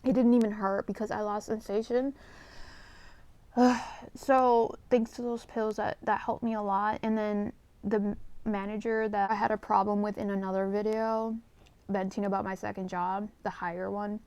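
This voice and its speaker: Woman vlogger rambling through a personal story, lots of vocal fry, swears a lot, kinda emotional and confessional, dry sound. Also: medium pitch, little pitch movement, moderate pace, a little mellow, no room sound. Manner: candid and rambling, with many fillers and swearing. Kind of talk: casual storytime.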